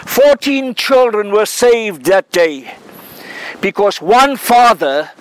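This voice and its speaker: A man's voice: sits high, animated, slow, low-quality recording. A man preaching a sermon, telling an illustrative story in an earnest way and then building to emphatic declarations. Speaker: pastor.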